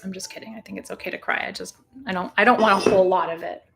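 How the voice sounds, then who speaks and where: A woman's voice: medium pitch, fairly even intonation, rapid-fire, vocal fry. A woman hosting a live-streamed full moon ritual indoors, talking to her viewers in a chatty way, joking and laughing often. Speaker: spiritual teacher leading a live ritual. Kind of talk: casual live-stream talk. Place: indoors, burning sage.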